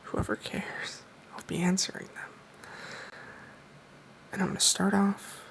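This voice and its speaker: A man telling a mock-serious story in a soft-spoken, deadpan ASMR style. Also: sits high, slow, gravelly, low-quality recording. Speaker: ASMR creator.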